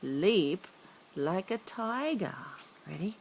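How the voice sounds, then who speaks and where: A woman's voice: medium pitch, very animated, slow pace, long pauses, a little hiss or hum. A mother reading a picture book aloud to her small son, playful and coaxing, joining in with animal noises.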